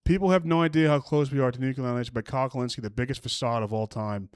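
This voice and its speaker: A streamer races through a foul-mouthed, scornful rant about online posts, often breaking off and restarting. His mid-range voice is clear and resonant, captured dry at studio quality.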